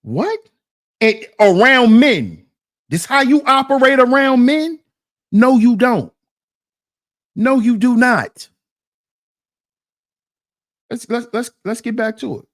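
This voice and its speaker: A man's voice: very high-pitched, expressive, takes it slowly, long pauses, a bit bright. A man hosting a reaction stream, indignantly picking apart a debate clip and firing rhetorical questions at his chat. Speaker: commentary channel host.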